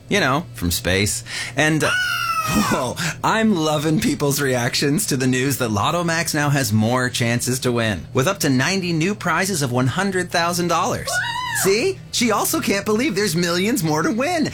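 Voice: medium pitch, huge pitch swings, unhurried, over music. A performer voicing a friendly, chatty alien from space in a radio ad, with a playful voice that swoops up and down. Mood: excited. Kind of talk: radio ad acting.

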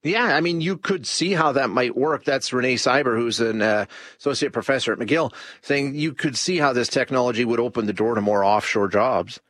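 A man's voice: mid-range voice, normal speed, a bit bright, no echo. A man hosting a call-in talk radio show, rambling with many restarts and fillers. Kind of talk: casual talk radio commentary.

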